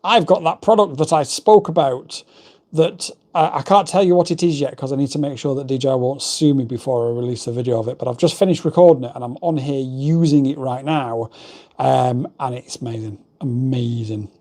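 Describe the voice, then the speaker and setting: A man's voice: medium pitch, steady tone, brisk, mellow. Chatty man hosting a livestream. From England. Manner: chatty, rambling, reads out chat messages. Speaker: livestream host. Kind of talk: casual livestream chat reading viewer comments. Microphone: desk microphone.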